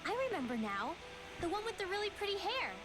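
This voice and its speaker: An actress voicing a bright, eager young woman in a video game. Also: very high-pitched, big pitch swings, fast. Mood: recalling. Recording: game audio with background music.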